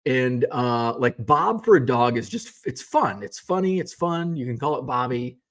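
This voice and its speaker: A man's voice: mid-range voice, normal speed. Rambling man chatting with his viewers. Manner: relaxed, rambling, many fillers and restarts. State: yawning, tired. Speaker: card-collecting livestream host. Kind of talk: casual chat reading viewer comments.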